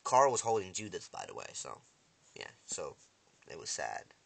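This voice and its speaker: A man excitedly recapping a TV episode in a casual vlog, rambling with restarts and acting out characters' lines. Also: moderate pace, gravelly, slight background noise. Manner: animated storyteller, acts out lines with big loud jumps in pitch; rambling, many restarts and fillers.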